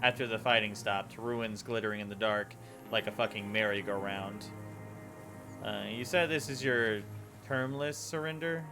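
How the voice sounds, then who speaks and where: A tired man streaming a game, casually reading its dialogue aloud and halting over words with many fillers. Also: fairly low pitch. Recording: game music loud behind voice. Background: game music.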